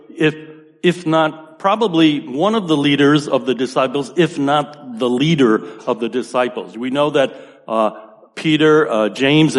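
A man's voice: fairly high pitch, big-room sound. A man with a Boston accent preaching a sermon in a loose, conversational way, often checking in with "you know" and "right". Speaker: pastor.

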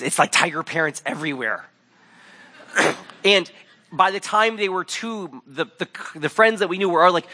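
Male pastor, 30s, bright higher voice, wry conversational sermon delivery. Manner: conversational, wry storytelling with acted quotes.

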